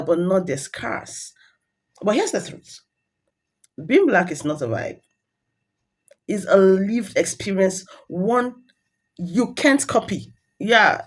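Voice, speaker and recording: A woman hosting her channel, delivering scripted commentary in rhythmic, declamatory parallel phrases. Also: mid-range voice. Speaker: channel host.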